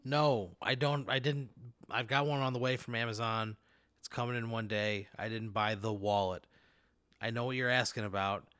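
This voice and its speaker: A man's voice: mid-range voice, fairly even intonation, normal speed, a bit bright, smooth, dry recording. Man, exasperated, incredulous, cusses, dry dead-room sound, comedy podcast. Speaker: podcast co-host. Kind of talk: improvised comedy banter.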